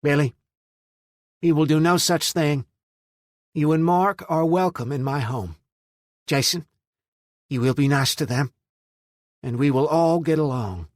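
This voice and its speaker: A man's voice: fairly high pitch, normal speed, no echo, studio quality, voice pushed up, natural voice. A man doing a stern, loving mother. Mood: scolding. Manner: scolding, firm.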